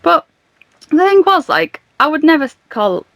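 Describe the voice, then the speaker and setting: A young woman tells a story on a podcast, lively and full of laughter. Her voice sits a little high. The sound is close and dry with almost no room. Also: a little slow, creaky, dry recording. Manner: animated, laughing, acts out dialogue in her retelling. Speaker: podcast guest. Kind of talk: casual storytelling.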